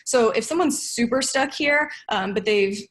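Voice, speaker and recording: A woman's voice: fairly high pitch, normal speed. A young adult woman speaking as a podcast guest, explaining her ideas earnestly and thoughtfully, with frequent restarts. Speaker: podcast guest, sales development manager. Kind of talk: casual podcast conversation.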